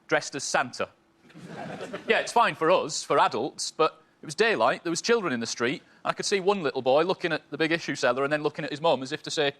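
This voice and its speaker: A man's voice: a little high, animated, fast, pushed and bright. A man in his early thirties on a comedy panel, with a dry, hesitant, self-deprecating delivery. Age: early 30s.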